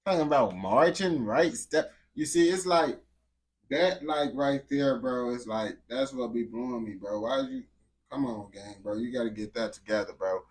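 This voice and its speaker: A reaction video host with a medium-pitched voice gives casual, slangy commentary at a moderate pace. He says "bro" and "gang" constantly and keeps restarting his sentences.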